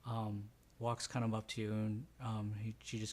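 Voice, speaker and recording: A man's voice: fairly low pitch, completely flat delivery, moderate pace. A man running a tabletop role-playing game as game master, narrating hesitantly with frequent fillers. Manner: hesitant, full of "um" and "kinda".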